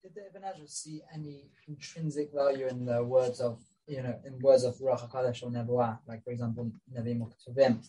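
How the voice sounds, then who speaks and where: A man's voice: mid-range voice, fairly even intonation, brisk, hardly any pauses, dark tone, breathy edge. A man in a class asking the teacher a question, hesitating and searching for his words. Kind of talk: question from the audience. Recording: distant voice from across the room.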